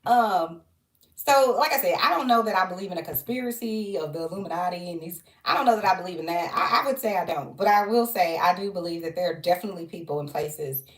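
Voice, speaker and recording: A woman's voice: lowish voice, fast talker, echoey room. A woman chatting casually on her vlog in a rambling way, jumping between side stories. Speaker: social worker and vlogger. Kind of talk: casual chat.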